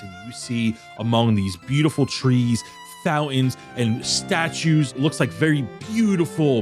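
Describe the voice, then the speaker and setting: A man runs a tabletop game as dungeon master, his voice sitting at an ordinary middle pitch. He describes places and characters at length, stopping and restarting as he goes, with soft music running underneath. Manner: descriptive narration with frequent restarts.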